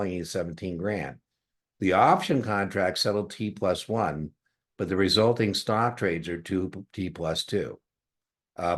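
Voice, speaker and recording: Lively man teaching exam prep. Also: sits low. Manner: animated, jokey, acts out dialogues with students. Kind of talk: lecture class replay.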